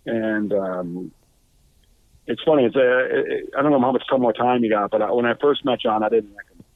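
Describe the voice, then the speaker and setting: A man who is a guest musician, telling stories casually, animated and halting, with restarts and swearing. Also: no echo. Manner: animated, acts out quotes with raised pitch. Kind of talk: casual storytelling. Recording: tinny phone-like line.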